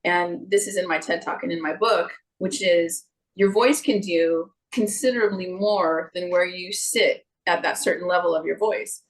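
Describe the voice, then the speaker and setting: Expressive woman vocal coach talking shop. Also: lowish voice, normal speed, low-quality recording. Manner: expressive, jumps into playful character voices. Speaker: guest, singer and vocal coach. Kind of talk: casual interview chat.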